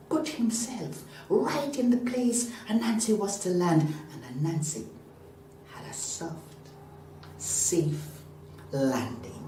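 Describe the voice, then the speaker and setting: A woman telling a folk tale live, dramatic and expressive. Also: lowish voice, a little hiss or hum. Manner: dramatic, expressive, gasps for effect. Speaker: storyteller. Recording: roomy live sound from a distant mic.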